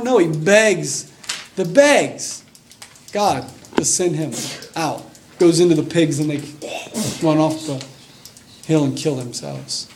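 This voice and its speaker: A man preaching a sermon, telling a Bible story with lively excitement and reading scripture aloud. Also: fairly high pitch, slight background noise. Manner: animated storytelling, reads scripture aloud, acts out scenes with excitement.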